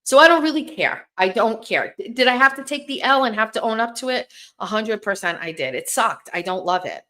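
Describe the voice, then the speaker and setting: A woman's voice: fairly high pitch, lively intonation, a little fast, bright, forceful tone. A woman hosting a casual livestream, talking bluntly to her viewers with plenty of swearing and rambling restarts. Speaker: host.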